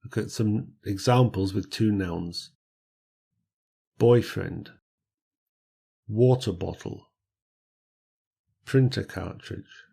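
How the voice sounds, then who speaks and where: A man teaching an English grammar lesson, reading word lists slowly with careful stress on each word. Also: low voice, gravelly, mellow, breathy edge.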